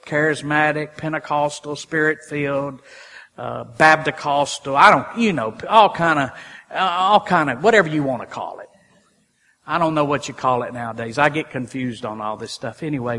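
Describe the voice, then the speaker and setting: A man preaching a sermon from a church sanctuary, animated and rising to loud exclamations. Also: a little high, big-room sound. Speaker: pastor.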